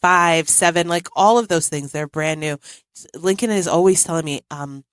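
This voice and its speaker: A woman hosting a podcast in casual chat, talking about her kids with frequent laughs and lively quoted voices. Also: fairly low pitch, moderate pace, clean tone, no echo, clean studio sound. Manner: chatty, laughs often, animated when quoting her kids. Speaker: podcast host; mother and daycare provider.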